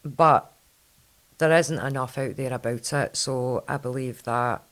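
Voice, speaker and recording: A woman with a Scottish accent hosting a podcast in a chatty, rambling way. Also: rumbling low. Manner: chatty, quick, rambling storyteller. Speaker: podcast host. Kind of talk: casual chat.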